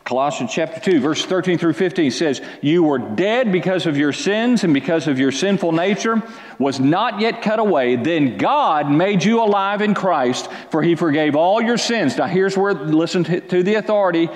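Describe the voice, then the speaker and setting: Emphatic preacher man, lively high voice. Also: moderate pace, reverberant, long reverb tail. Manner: preaching with call-and-response to the congregation; emphatic, swings between loud exhortation and low intimate asides. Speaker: pastor. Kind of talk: sermon.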